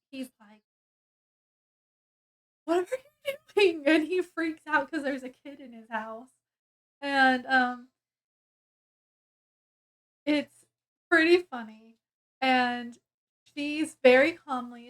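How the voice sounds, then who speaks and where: A woman reviewing a book, casually retelling its plot in a rambling way with many fillers and restarts. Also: sits high.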